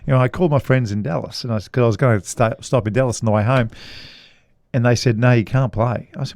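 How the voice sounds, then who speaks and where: A man's voice: mid-range voice, steady tone, quick pace, a little mellow, no room sound. A middle-aged man with an Australian accent, a podcast co-host and golf commentator telling a long rambling anecdote with frequent chuckles. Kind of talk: casual storytelling chat.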